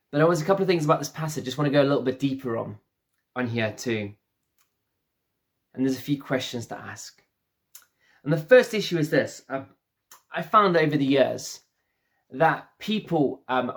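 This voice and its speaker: A man preaching a sermon as pastor, earnest and repeating phrases for emphasis. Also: mid-range voice.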